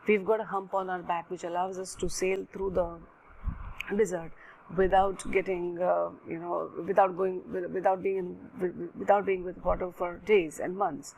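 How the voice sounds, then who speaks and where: A woman, speaking as a gentle, wise mother camel in a told fable, patiently explaining to her young, halting now and then on fillers. The tone is soft and mellow. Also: fairly low pitch, little pitch movement, gravelly, slight background noise, rough recording. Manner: explaining slowly with many fillers.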